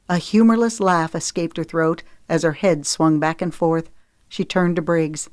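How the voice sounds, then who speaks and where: A woman narrating a romance audiobook in a steady, expressive reading. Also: sits low, measured pace, no room sound, studio quality.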